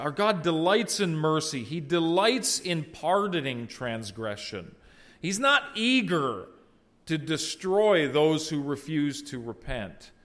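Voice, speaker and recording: Earnest and slightly high-voiced, the pastor works through an expository sermon, reading scripture aloud. Exclamations swell loudly while line endings fall soft.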